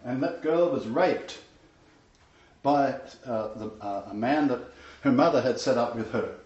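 A man's voice: medium pitch, a little slow, darkish tone. A man, teaching a casual sermon as pastor. He is chatty and emphatic, laughs often and uses many fillers. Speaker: pastor leading a Bible study. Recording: roomy, slightly dull lo-fi recording.

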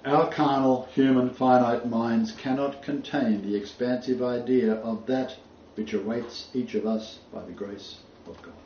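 A man's voice: medium pitch, fairly even intonation, unhurried. Distant roomy preacher man. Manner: quotes scripture emphatically, rising on key phrases. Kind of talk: sermon. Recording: roomy, distant, dull, faint noise.

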